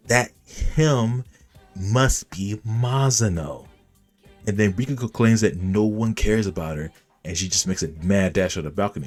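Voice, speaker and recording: A man casually recapping an anime episode, animated and reacting as he retells the scenes. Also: fairly low pitch, a little slow, soft background music. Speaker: anime reviewer.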